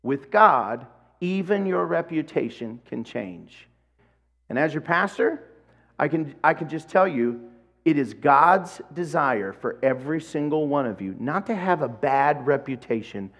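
A man's voice: medium pitch, expressive, unhurried, a bit bright. A man preaching a sermon as pastor, telling a personal story with animation and acting out bits of dialogue.

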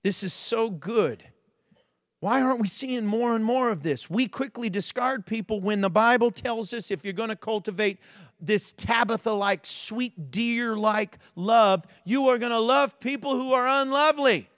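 A man preaching a sermon as pastor, swinging between loud emphasis and hushed storytelling. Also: very high voice, a little slow, no room sound, clean studio sound.

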